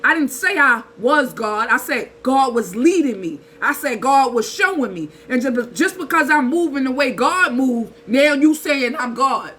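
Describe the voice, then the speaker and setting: A woman, giving a casual spiritual talk in an animated, preachy way with slang and rhetorical asides. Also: sits high, measured pace, few pauses, slightly rough, rough recording. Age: 30s. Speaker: spiritual channel host.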